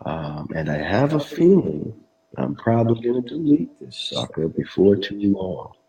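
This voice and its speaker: A man's voice: lowish voice, big pitch swings, measured pace, warm tone, breathy edge, dull audio. A man hosting a mock interview livestream, self-deprecating and hesitant with many fillers. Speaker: host.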